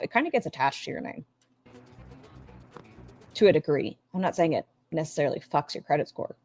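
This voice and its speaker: A woman's voice: lowish voice, a little mellow. A woman streaming a reaction, making wry, sarcastic comments to her chat.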